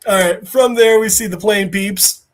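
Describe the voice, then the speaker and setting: At a moderate pace and in a high voice, a man hosting a podcast tells a funny story with lots of energy. In this casual chat he performs the characters' quotes himself.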